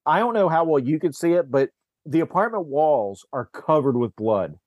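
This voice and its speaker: A man hosting a casual movie podcast, retelling scenes in a rambling way with many restarts and quick put-on quotes of the characters. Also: on the high side, animated, darkish tone, no echo, highs cut off. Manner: rambling recap, acts out character lines, frequent restarts. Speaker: podcast host.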